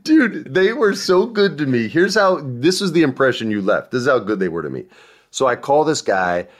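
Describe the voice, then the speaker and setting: A man's voice: mid-range voice, moderate pace. A man hosting a podcast, telling stories in a casual chat and acting out the voices of the people he quotes. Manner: animated, acts out quoted voices. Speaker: podcast host.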